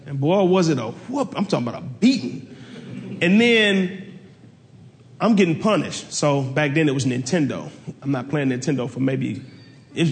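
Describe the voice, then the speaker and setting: A man preaching a sermon, telling stories animatedly and leaping up in pitch when he quotes people. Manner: animated storytelling preacher, jumps high in pitch for quoted voices. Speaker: pastor. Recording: long hall reverb.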